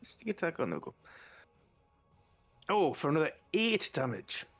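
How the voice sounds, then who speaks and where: A man's voice: on the high side, big pitch swings, moderate pace, fairly bright tone, soft background music. A man playing a tabletop game, eager and hopeful about his rolls. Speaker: player. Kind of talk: casual tabletop game play.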